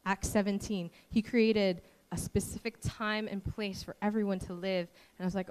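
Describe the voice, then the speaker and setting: A woman from Hawaii shares a personal faith testimony in an earnest storytelling voice. She keeps it lively and acts out the people in her story. Her pitch sits at a middling level. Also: moderate pace, hardly any pauses, smooth. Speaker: speaker giving a testimony.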